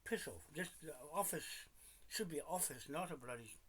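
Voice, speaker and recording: A husky-voiced man mutters and grumbles to himself, swearing freely. His pitch swings widely between low under-the-breath mumbles and louder bursts. He talks alone at his desk in a home office. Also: animated, normal speed, low-quality recording. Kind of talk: muttering to himself on a live stream.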